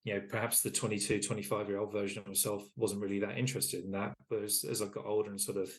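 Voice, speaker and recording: A man's voice: on the low side, flat delivery, quick pace. A man in his fifties, a charity chief executive, giving articulate and reflective interview answers. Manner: articulate and reflective, with frequent "you know" fillers.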